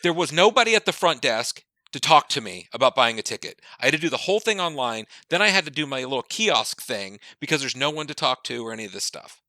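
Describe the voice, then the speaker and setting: Podcast co-host, male, cutting bright tone, dry close mic, swears freely, voices every character in his story. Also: mid-range voice, fast, few pauses, no echo. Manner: animated, profane storyteller who acts out quoted dialogue. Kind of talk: casual chat, long anecdote.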